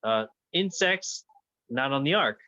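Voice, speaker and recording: A man's voice: medium pitch, expressive, measured pace, bright, forceful tone, no room sound. Man co-host, jokey and casual, dry close audio. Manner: playful, jokes and puts on silly voices. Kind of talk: casual chat. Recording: dull, muffled dry audio.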